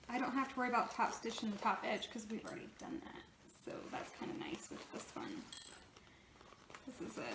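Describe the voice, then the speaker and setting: A woman sewing vlogger chatting casually while she sews in her home sewing room, rambling and poking fun at herself. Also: fairly high pitch. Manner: rambling, chatty, self-deprecating. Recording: echoey room with background noise.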